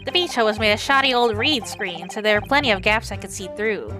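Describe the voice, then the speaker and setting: A woman's voice: medium pitch, fairly quick, close to an everyday voice. A woman voicing a showy, boastful male reporter hungry for scoops, read over game music. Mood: eager.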